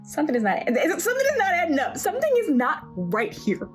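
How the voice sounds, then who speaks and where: A woman's voice: high voice, huge pitch swings, a little fast, soft background music. A young woman vlogging casually about a book, reacting dramatically and in disbelief to the plot. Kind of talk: casual chat.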